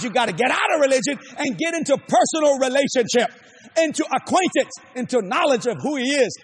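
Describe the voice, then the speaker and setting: An older man with a Cajun accent preaching a sermon, emphatic and repetitive, often shouting his lines. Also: very high-pitched.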